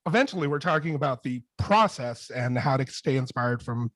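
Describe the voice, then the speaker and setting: A man speaks as a music producer on a panel, telling stories in a loose, rambling way full of restarts. His voice sits in a middle pitch. The sound is dry and close, as on a video call. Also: moderate pace, no echo. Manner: rambling, animated anecdotes with many restarts. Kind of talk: casual panel storytelling. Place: home studio with bright colors behind.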